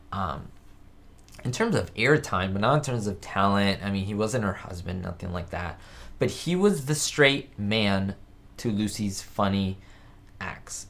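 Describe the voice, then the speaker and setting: A man hosting a casual live-stream chat, talking in a rambling, chatty way and reading viewer comments aloud. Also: on the low side. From United States. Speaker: host of a live chat show. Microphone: webcam setup.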